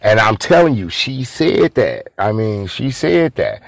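A man's voice: fairly low pitch, very animated, unhurried, creaky, hardly any pauses, dry recording. A man telling a story casually, rambling and repeating himself, talking to his listeners as y'all.

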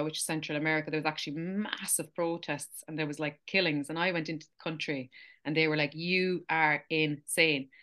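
Bright-voiced chatty Irish young woman. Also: sits low. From Ireland. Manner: animated, chatty, laughs often, many fillers. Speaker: interview guest. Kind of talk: casual storytelling.

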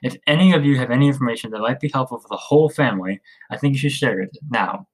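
A man's voice: mid-range voice, lively intonation, brisk, voice pushed up, close to an everyday voice, rough recording. A man voicing a fierce, headstrong young woman. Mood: furious. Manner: demanding, raised voice.

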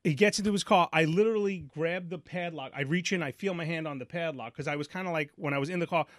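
This fast-talking, high-leaning male voice belongs to a New York podcast host in his 40s. Recorded at studio quality with no room sound, he animatedly tells a story in casual chat, doing the voices himself and repeating lines.

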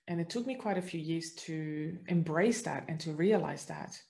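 A middle-aged woman earnestly telling her own spiritual story, moving between soft reflection and livelier moments. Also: fairly low pitch, moderate pace, gravelly, hardly any pauses. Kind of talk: personal storytelling.

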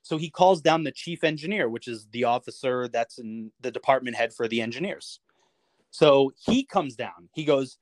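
Animated, swearing male storyteller. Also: medium pitch, moderate pace, no echo. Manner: animated storyteller, swears freely, acts out quoted lines with chuckles. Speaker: podcast guest, navy veteran. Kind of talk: casual anecdote told in an interview.

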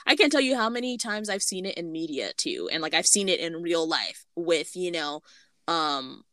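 Female co-host, casual chat; measured, filler-heavy explaining, crisp and bright tone. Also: on the low side, expressive, no room sound, clean studio sound. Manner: measured, explains at length with many "you know" fillers.

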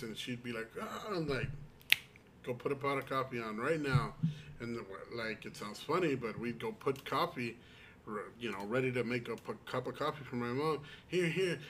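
A man's voice: mid-range voice, noisy background. Rambling storytelling man. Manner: rambling storyteller, many restarts and quoted asides. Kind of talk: casual chat.

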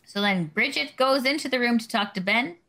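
A woman's voice: on the high side, expressive, a little fast, bright, forceful tone. A woman co-hosting a casual chat about a TV episode, adding wry, sarcastic asides. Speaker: podcast co-host.

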